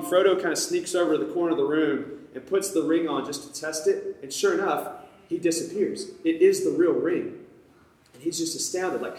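A man preaching a sermon in a conversational storytelling manner, often speaking straight to his listeners. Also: a little high. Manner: conversational, addresses the audience directly. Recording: echoey room.

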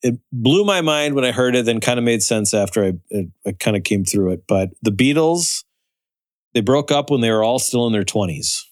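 A man co-hosting a podcast in casual chat, reading out trivia in a halting, restarting way. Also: mid-range voice, lively intonation, dry recording. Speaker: podcast co-host.

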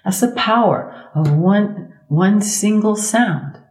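A middle-aged woman, a sound healer speaking as a guest in a conversational interview, expressive and emphatic, leaning on slow repetitions. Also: mid-range voice, echoey room. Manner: expressive, acts out inner thoughts in quoted voices.

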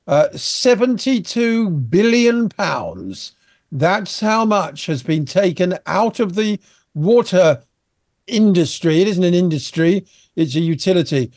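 A man's voice: on the high side, darkish tone, dry recording, clean studio sound. A man from Britain giving emphatic, indignant commentary as a guest on a talk radio show.

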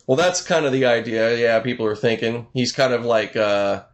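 A man's voice: mid-range voice, normal speed. A man in casual conversation about boxing, rambling with many fillers and restarts and casual swearing. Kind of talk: casual chat.

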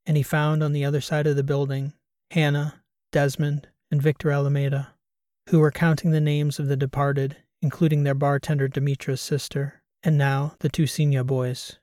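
A man narrating a science fiction audiobook in a steady, even storytelling manner. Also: fairly high pitch, normal speed, dry recording, clean studio sound. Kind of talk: scripted narration.

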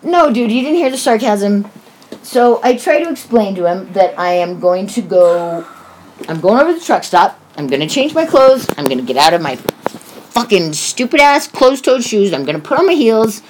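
Blunt sarcastic woman telling a story, lots of cussing, very lively up and down voice. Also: mid-range voice, normal speed, a little hiss or hum. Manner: blunt and profane, sarcastic asides. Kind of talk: casual storytelling.

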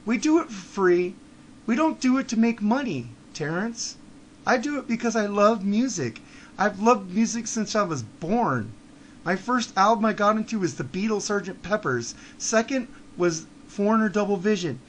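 A man with a high-pitched voice rants on his podcast, blunt and profane. He drops into low mutters, then builds to heated shouting, with faint ambient noise behind him. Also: animated, normal speed. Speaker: podcast host. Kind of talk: ranting monologue.

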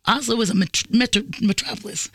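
A woman in her forties tells a story in a bright, gravelly voice. She talks casually with lots of swearing and acts out the lines of other people. The sound is dry and close. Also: a little high, a little fast, no echo. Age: 40s. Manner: animated, profane, acts out quotes. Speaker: guest.

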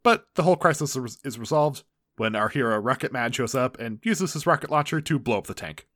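A young man chatting casually about a show he's watched, laughing often and backing up to rephrase things mid-sentence. His voice sits at an ordinary middle pitch and is recorded close and dry, with no room sound around it. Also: animated, a little fast, fairly bright tone, no echo. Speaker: podcast co-host. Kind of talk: casual recap chat.

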